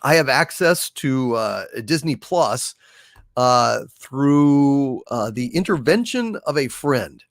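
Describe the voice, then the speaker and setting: A man's voice: medium pitch, expressive, dry recording, studio quality. A man hosting a casual livestream, reading out viewer messages and answering them in a blunt, profane way. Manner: blunt and profane, drawn-out emphatic delivery. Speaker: livestream host.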